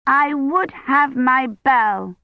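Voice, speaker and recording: A woman's voice: sits high, drawn-out words, no room sound, dull audio, pitched above the performer's own voice, exaggerated voice. A woman voicing Agnes, an insistent small girl, in an audiobook. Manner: insistent, demanding. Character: small eager girl child.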